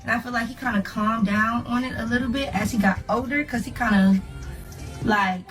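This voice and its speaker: A woman's voice: on the high side, fairly even intonation, brisk, distant mic, soft background music. A woman hosting a livestream, chatting casually with many fillers. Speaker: livestream host. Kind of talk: casual chat.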